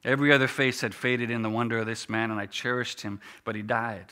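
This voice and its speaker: A man telling a story dramatically, expressive and dropping to a hush in quiet moments. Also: mid-range voice, fast talker.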